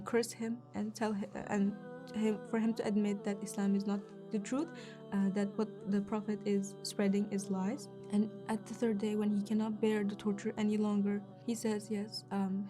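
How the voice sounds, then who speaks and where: A young woman answering interview questions, retelling a religious story in an earnest, halting way with frequent restarts. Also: mid-range voice. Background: music.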